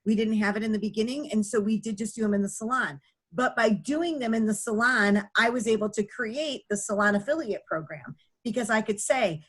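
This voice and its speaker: A woman's voice: medium pitch, normal speed, breathy edge. Woman, middle-aged, nonprofit founder, earnest, chatty, conversational storytelling. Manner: earnest, chatty, many fillers. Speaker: nonprofit founder, podcast guest.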